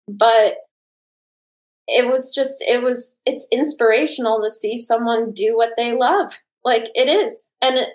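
A woman's voice: a little high, rough recording. A woman in her late twenties, an artist and teacher, talking earnestly and enthusiastically in an interview, with many fillers and restarts. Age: late 20s. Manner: laughs often. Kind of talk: podcast interview.

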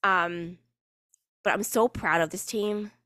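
A woman's voice: medium pitch, slow, sharp tone, no echo, studio quality. A woman, hosting her own podcast in casual, sarcastic chat, full of fillers and casual swearing. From New York. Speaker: podcast host and cheerleading coach.

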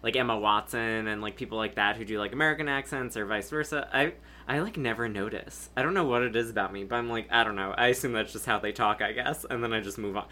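A man's voice: on the low side, fast, few pauses, sharp tone. A man co-hosting a casual movie podcast, laid-back and full of fillers. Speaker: podcast co-host.

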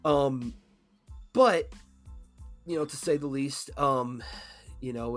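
A man co-hosting a casual podcast, talking loosely, swearing and acting out quoted lines. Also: medium pitch. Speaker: podcast co-host.

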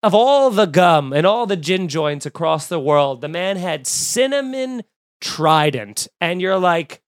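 Man spinning a casual funny anecdote, exasperated and animated, dry close recording. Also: high-pitched, a little slow, smooth, dry recording. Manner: animated, exasperated, lots of fillers and restarts. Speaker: storyteller. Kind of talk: casual comedic storytelling.

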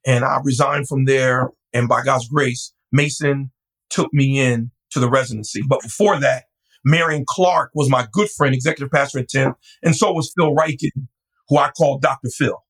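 A man, a pastor, telling his story in a lively, animated way, sometimes jumping to a high voice to quote a friend. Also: normal speed, slightly rough, low-quality recording. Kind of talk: storytelling in an interview.

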